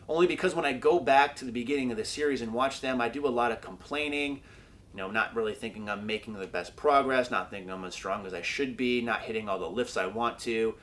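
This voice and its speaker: A man's voice: on the low side, a bit bright. A young man chatting casually in a training vlog, laid-back and joking, with the odd swear word. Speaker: powerlifting vlogger.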